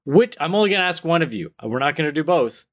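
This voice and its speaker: Animated male podcast host. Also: fairly high pitch, fast talker. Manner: animated, joking, asks questions. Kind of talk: casual chat.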